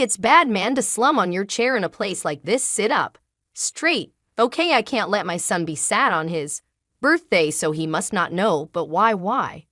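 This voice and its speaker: Woman narrating a family drama, lively. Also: medium pitch, dry recording, studio quality. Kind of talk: first-person drama storytelling.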